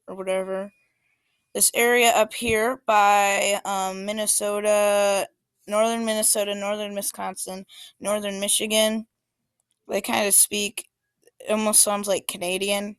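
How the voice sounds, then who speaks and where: A woman walks through a set of maps in an easygoing, informal way, often pausing on fillers and restarting her sentences. Her voice is smooth and clear. The recording is dry and close. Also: mid-range voice, little pitch movement, no room sound. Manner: informal, hesitant, many fillers. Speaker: student presenter. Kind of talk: casual class presentation.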